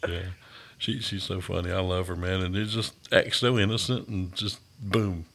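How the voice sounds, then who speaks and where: Man, podcast host, casual interview chat, gravelly, easygoing and enthusiastic. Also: deep voice, steady tone, moderate pace, fairly bright tone.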